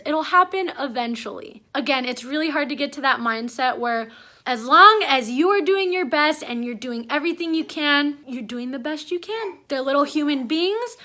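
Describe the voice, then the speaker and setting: A young mother talks straight to her camera at home, rambling from one thought to the next. Her voice sits high and sounds bright and clear. She comes across as chatty and openly emotional. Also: lively intonation, moderate pace. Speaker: mom vlogger. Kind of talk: casual chat to camera.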